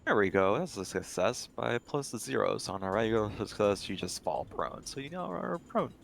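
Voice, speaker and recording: Gravelly low-voiced game master. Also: male voice, sing-song, normal speed, fairly bright tone, a little hiss or hum. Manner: upbeat, laughs often. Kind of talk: running a tabletop game.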